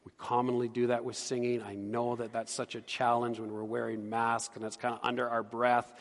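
A middle-aged man, a pastor, preaching a sermon with earnest emphasis that drops to hushed tones. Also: mid-range voice, level tone, fairly quick, long reverb tail. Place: church sanctuary.

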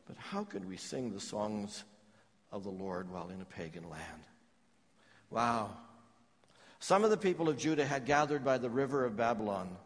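A middle-aged man preaching a sermon, swinging from loud declarations to hushed, heavy phrases. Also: mid-range voice, sing-song, normal speed, pauses often, in a large hall. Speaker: pastor.

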